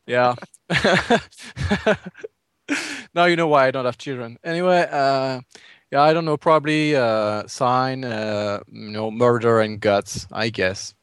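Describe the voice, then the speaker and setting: A man's voice: medium pitch, slow, fairly bright tone, clear, resonant tone, no room sound, clean studio sound. A man chatting on a podcast, hesitant with many fillers and frequent laughs. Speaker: podcast co-host. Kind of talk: casual podcast chat.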